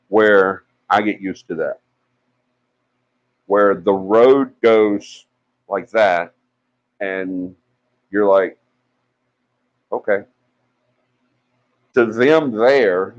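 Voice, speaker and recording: Lower-voiced man telling a story. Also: lo-fi sound. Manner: animated storyteller, acts out quoted voices, many fillers. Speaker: paranormal investigation team member on a live stream. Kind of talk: casual storytelling on a live stream.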